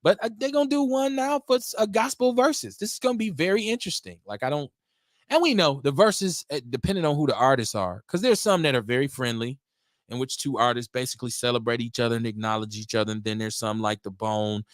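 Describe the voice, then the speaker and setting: Middle-aged man, solo podcast host, rambling and animated, mid pitch, dry close sound. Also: quick pace, no echo. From Milwaukee, USA. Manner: rambling, talkative, lively swings in pitch. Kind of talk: casual solo talk show.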